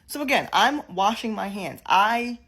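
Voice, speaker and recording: Brief: mid-pitched woman, casual storytime voice, chatty and repetitive for emphasis. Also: lively intonation, a little slow, fairly bright tone, breathy edge. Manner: chatty, repeats phrases for emphasis. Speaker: storyteller in a clip.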